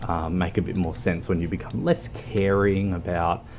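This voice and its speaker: An Australian man chatting casually with viewers while streaming a game, halting and full of ums and restarts. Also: deep voice, fairly even intonation, darkish tone, a little hiss or hum. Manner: hesitant, many ums and restarts. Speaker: livestreamer. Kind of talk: casual chat while gaming.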